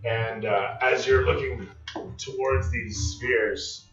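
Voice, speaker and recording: A man's voice: mid-range voice, steady tone, slow pace, a bit bright. A man running a tabletop game on a live stream as game master, describing scenes like camera shots, with many fillers. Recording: echoey, distant, dull sound with faint music.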